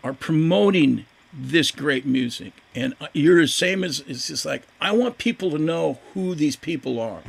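An older man with a gravelly, rough-edged voice that sits a little high for a man. He tells his story as a guest in a casual interview. He is animated and acts out the voices of the people he talks about. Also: normal speed, hardly any pauses. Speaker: guest musician.

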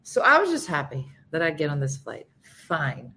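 A woman with a bright, forceful voice spins a funny story as a talk-show guest. She talks casually and jumps into the voices of the people she quotes, keeping it lively. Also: low-pitched, normal speed. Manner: animated, acts out quoted people.

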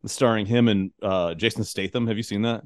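A man's voice: on the low side, steady tone, brisk, no echo, studio quality. A man hosting a podcast in a loose, casual chat. He swears freely and laughs often. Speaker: podcast host.

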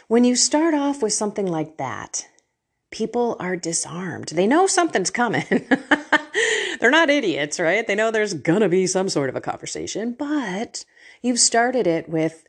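A middle-aged woman talking to an online group about faith. She is open and emotional, pokes fun at herself, and her voice rises and falls a lot. Her tone is a little husky. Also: medium pitch, normal speed. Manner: candid and emotional, lively, self-deprecating. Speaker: faith and life coach.

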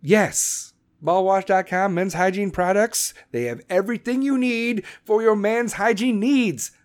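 A man hosting a podcast, ranting angrily and swearing constantly, with shouted bursts, then reading sponsor ads in the same blunt, profane way. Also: high-pitched, measured pace. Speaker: podcast host. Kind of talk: profane political rant and ad read.

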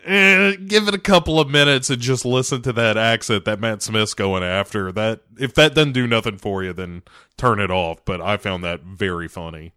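A man's voice: fairly low pitch, normal speed, sharp tone, smooth, no room sound, clean studio sound. A man co-hosting a casual podcast about movies, rambling with many restarts and fillers. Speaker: podcast co-host. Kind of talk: casual movie review chat.

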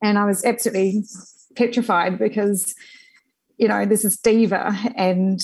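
A woman's voice: mid-range voice, moderate pace, low-quality recording. Chatty New woman telling stories. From New Zealand. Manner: animated anecdotes with frequent fillers and laughter. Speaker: journalist guest. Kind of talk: conversational interview storytelling.

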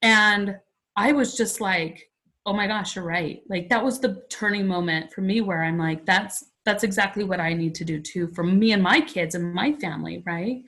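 A woman in her forties talks at a normal pace in a mid-range voice with a fairly bright tone, and the audio is rough. As a podcast guest, she tells a personal story in an emotional, chatty way, often filling pauses with "like."

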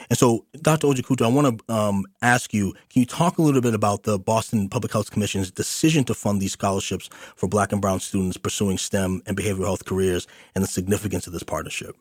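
A man's voice: fairly low pitch, quick pace, husky, no room sound, studio quality. A man hosting a community radio interview show, speaking earnestly with many fillers and restarts. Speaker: radio host.

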